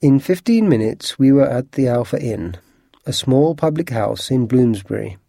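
A man narrating an audiobook with a steady, clear scripted reading. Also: medium pitch, moderate pace, no room sound.

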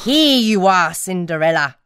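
A woman's voice: lowish voice, animated, a little slow, background noise. A woman doing a cold, bossy stepmother.

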